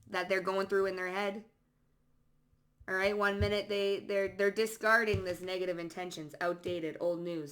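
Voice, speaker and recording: Her voice somewhat low and a bit bright, a psychic talks through a tarot reading in a relaxed, casual way. She's sassy and blunt, swears freely, and calls out card phrases in quick bursts.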